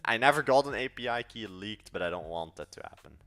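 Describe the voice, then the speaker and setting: Fast-talking and expressive, this lowish, slightly bright male voice belongs to an eighteen-year-old Belgian app developer with a Dutch accent. He live-streams while coding, rambling casually and slangily to chat and muttering as he goes.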